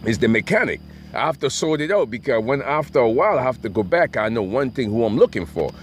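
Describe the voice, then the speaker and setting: A man's voice: medium pitch, very animated, fast, a little hiss or hum. A middle-aged man telling a rambling, profane story and often asking "right?". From Brooklyn, New York.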